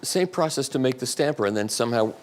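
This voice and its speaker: An older man speaking live to an audience, answering questions with rambling, animated anecdotes. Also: medium pitch, fast, a crowd in the background.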